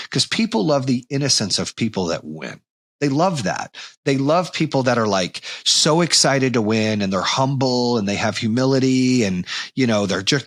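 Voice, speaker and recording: A podcast host in his forties gives a blunt motivational monologue in a mid-range voice, swearing casually. He gets animated when reenacting anger. There's no echo.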